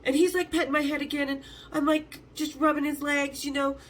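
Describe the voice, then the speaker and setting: A woman in her fifties hosts, telling animated stories in a relaxed way, cursing freely and mimicking the voices of those involved. She sits high and talks briskly, with a faint hiss or hum underneath.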